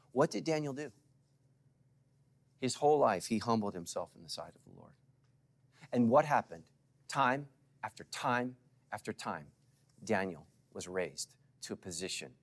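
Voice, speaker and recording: A middle-aged male pastor preaching to a congregation, swinging from loud calls to hushed asides and asking for responses. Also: lowish voice, lively intonation, normal speed, long pauses. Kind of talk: sermon.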